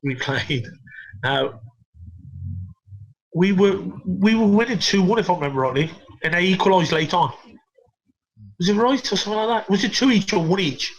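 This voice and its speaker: High-voiced man swearing through stories. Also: lively intonation, normal speed, long pauses, highs cut off. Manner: swears a lot, laughs loudly while telling stories. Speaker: podcast guest, former footballer. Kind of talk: casual anecdote telling.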